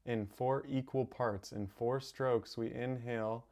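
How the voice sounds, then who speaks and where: A man guiding a live breathwork meditation, calmly giving instructions and softly counting the breaths. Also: medium pitch. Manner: slow, calm, counting softly. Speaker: meditation teacher. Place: home streaming setup.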